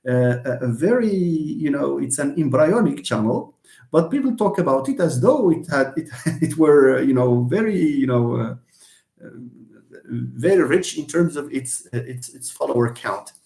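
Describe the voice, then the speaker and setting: A man giving a live online English lesson, hesitant with many fillers and restarts, lively when stressing examples. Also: medium pitch, normal speed. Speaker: English lecturer. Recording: echoey room.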